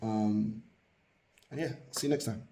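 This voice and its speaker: A young father chatting playfully to camera at home, with lots of slang, sometimes murmuring softly by a sleeping baby. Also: on the low side, unhurried, a little hiss or hum. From Britain. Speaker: vlog host, father. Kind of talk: casual chat to camera.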